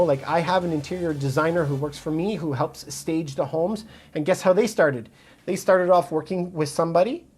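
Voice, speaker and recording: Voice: mid-range voice, darkish tone, husky. A realtor from Montreal, Canada, answering viewers' comments on a phone livestream in a direct, casual, motivational way. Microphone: phone mic.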